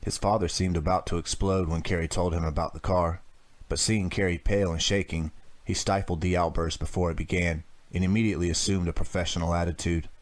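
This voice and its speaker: Deep-voiced man narrating a horror audiobook. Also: fairly even intonation, fairly quick.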